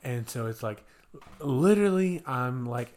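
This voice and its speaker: A young man on a podcast telling a story the easy way, talk strung together with filler words. He jumps up high when he acts out shouting kids, then drops back to his plain mid-pitched voice. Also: animated, measured pace. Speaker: podcast co-host. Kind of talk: casual chat.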